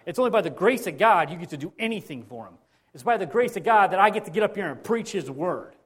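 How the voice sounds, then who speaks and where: Storytelling male pastor, fairly high voice. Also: animated, fast talker, breathy edge. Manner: conversational storytelling with many restarts and repetitions. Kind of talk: sermon.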